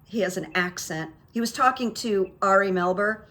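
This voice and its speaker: Middle-aged woman host, solo news-commentary monologue, opinionated and chatty, mid-pitched. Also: normal speed, a bit bright. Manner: chatty, opinionated, with asides and fillers. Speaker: host of a psychic commentary channel. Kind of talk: casual political commentary monologue.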